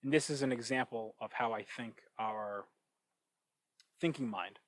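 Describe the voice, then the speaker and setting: A man hosting his own podcast, thinking out loud in a casual monologue with many restarts and asides. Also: medium pitch, a little slow, rough recording. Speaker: podcast host. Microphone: cheap microphone. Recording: dry, close cheap-mic sound.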